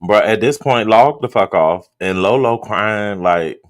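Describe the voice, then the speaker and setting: A man's voice: lowish voice, measured pace. A man reacting on his livestream in blunt, profane casual commentary, reading out viewer comments. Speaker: streamer reacting to a live stream.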